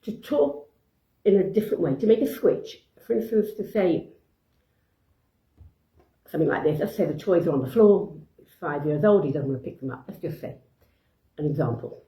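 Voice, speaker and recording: A woman's voice: deep voice, animated, normal speed, long pauses, warm tone. Woman giving parenting advice, echoey room. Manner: unscripted, many fillers and restarts, acts out short quoted exchanges. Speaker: parenting speaker. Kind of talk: informal advice talk.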